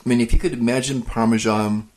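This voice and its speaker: A man co-hosting a podcast about home cheesemaking, talking in a relaxed, halting way with many restarts and easy laughs. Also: mid-range voice. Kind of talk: casual chat.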